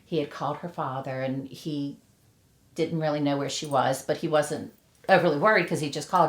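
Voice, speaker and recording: A woman's voice: low voice, steady tone, moderate pace, echoey room. A middle-aged woman in a documentary interview, retelling events emotionally and acting out the quoted voices.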